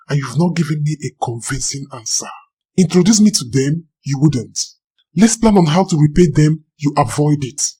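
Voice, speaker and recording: A man's voice: a little high, dark tone, slightly rough, rough recording. A man playing a young fiancé who presses his partner with suspicious questions. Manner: interrogating, pressing.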